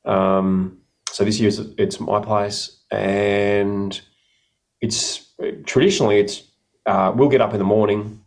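Low-voiced middle-aged man, rambling. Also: darkish tone. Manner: rambling, self-correcting storyteller. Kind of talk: casual chat.

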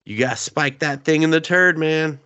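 Bossy crude cat, played high by a man, mocking parody. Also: normal speed, muffled recording, crowd noise, natural voice. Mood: pushy.

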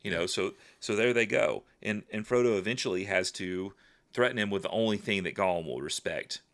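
Guy with a really low voice chatting about a book on a podcast, earnest, lots of likes and you knows. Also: a little fast, fairly bright tone. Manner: earnest, thinking aloud with fillers. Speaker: podcast co-host. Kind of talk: casual book discussion.

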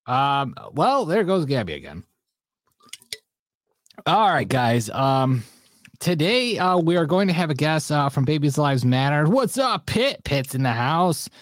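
A man's voice: on the high side, sing-song, measured pace, no echo, clean studio sound. A man hosting a casual livestream show, greeting viewers in the chat by name and joking around. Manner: shouts out viewers, loose and joking.

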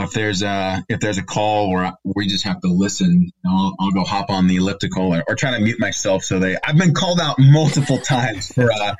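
Middle-aged male guest, lowish voice, rambling chat over a video call. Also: highs cut off. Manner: rambling, many fillers and restarts. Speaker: guest, company regional director. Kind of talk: casual interview chat. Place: home basement office.

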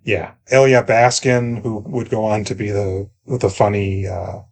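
A man's voice: on the low side, level tone, a little slow, creaky, breathy edge. Wry, rambling male podcast co-host. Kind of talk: casual movie review chat.

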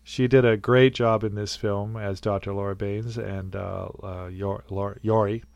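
A male podcast host chatting casually, with a lowish voice and an animated, joking manner. He is recorded close and dry, with no room sound around him. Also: creaky, no echo, highs cut off. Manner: animated, jokey, quick to laugh. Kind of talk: casual chat.

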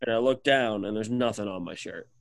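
A man's voice: on the low side, a little fast, creaky, dry recording. A young man co-hosting a podcast, in casual chat, telling stories full of "like" fillers. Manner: storytelling, filler-heavy with frequent "like". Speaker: podcast co-host.

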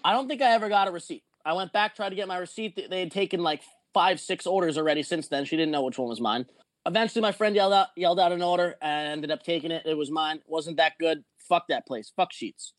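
A man's voice: fairly high pitch, quick pace, no room sound. A man telling a rambling, profane story in a casual podcast chat. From not from Jersey or Pennsylvania.

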